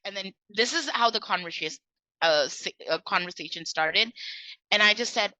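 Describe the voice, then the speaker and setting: A woman sharing sales tips as a trainer, telling stories in a lively way and acting out the dialogue. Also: medium pitch, normal speed, no echo, rough recording.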